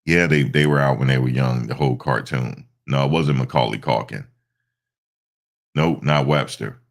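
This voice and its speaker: A man's voice: a bass voice, moderate pace, creaky. A stuffed-up man hosting a casual live stream, rambling through stories with lots of fillers. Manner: rambling storytelling with many fillers.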